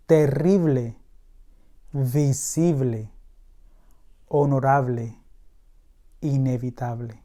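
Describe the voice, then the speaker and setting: Very slow, mellow man reading words. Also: mid-range voice. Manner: careful, deliberate pronunciation. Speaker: pronunciation model. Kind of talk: reading word lists aloud.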